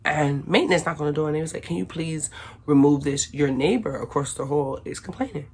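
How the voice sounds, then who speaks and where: A woman telling a casual storytime to her viewers, slangy and animated, acting out what everyone said. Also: sits low, fairly quick, slightly rough. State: recovering from illness. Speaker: vlogger.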